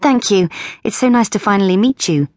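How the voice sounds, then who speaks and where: A woman voicing a spirited young airship pilot who talks briskly and impatiently, in an audiobook. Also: medium pitch, animated, darkish tone, dry recording, pitched above the performer's own voice, close to an everyday voice. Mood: cheerful. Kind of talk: audiobook character voice.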